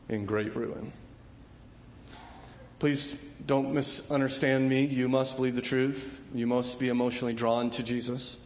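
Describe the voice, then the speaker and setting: Impassioned preacher man in a reverberant hall. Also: mid-range voice. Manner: impassioned, climbing to loud emphatic peaks; repeats words and restarts often. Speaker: pastor. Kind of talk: sermon.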